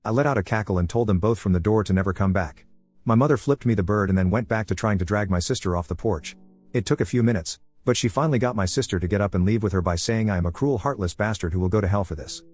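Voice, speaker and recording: A man's voice: on the low side, fast talker, darkish tone, soft background music. A man narrating a first-person online story in a blunt, swearing way.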